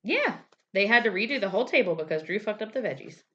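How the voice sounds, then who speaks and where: A woman's voice: medium pitch, fast. A woman co-hosting a casual podcast, animatedly recapping a TV episode. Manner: animated storyteller, acts out quotes in a raised voice. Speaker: podcast co-host. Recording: slightly dull lo-fi sound.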